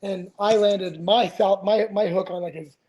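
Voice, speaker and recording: A man's voice: high-pitched, steady tone, moderate pace, a little mellow, dull audio. A man in his forties, a retired fighter, telling stories as a podcast guest in a rambling, profane way, full of restarts. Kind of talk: casual storytelling interview.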